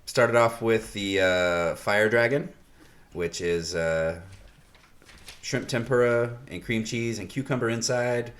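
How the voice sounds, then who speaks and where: A man co-hosting a podcast, chatting casually in a rambling, relaxed way with fillers and pauses. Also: lowish voice. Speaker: podcast co-host. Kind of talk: casual chat.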